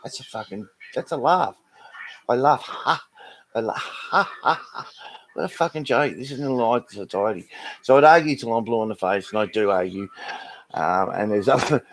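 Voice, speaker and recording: A man's voice: fairly low pitch, rough recording. An Australian man rambling through a sweary, casual rant to a live audience, full of restarts. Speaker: live streamer.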